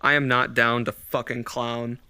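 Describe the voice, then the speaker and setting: A man's voice: medium pitch, little pitch movement, unhurried, sharp tone, clear, resonant tone, dry recording. A man streaming a horror game, jumpy and swearing constantly, with nervous laughter. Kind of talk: live horror game commentary.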